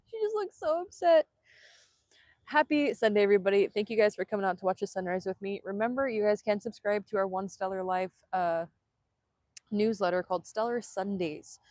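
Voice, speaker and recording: A woman vlogger chatting excitedly on a live stream outdoors, laughing often and filming on a handheld phone. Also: mid-range voice, normal speed, pauses often, no room sound, studio quality. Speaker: vanlife vlogger. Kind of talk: casual live-stream chat. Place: outdoors in Hawaii.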